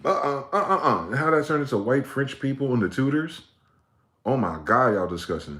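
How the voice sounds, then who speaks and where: A man hosting a livestream, ranting with profanity, repeating words in chains and breaking into sudden high-pitched shouts. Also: very animated, brisk. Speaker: livestream host. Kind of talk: livestream monologue.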